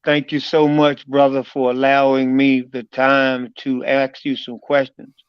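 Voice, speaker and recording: A man's voice: medium pitch, completely flat delivery, unhurried, smooth, no room sound. Male co-host, grateful and encouraging, dull lo-fi dry audio. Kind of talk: live stream talk.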